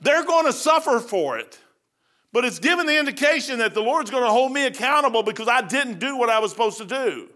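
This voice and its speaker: Folksy high-voiced male preacher. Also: lively intonation, fairly quick, sharp tone. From Kentucky. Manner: folksy, conversational, says "man" often. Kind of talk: informal sermon.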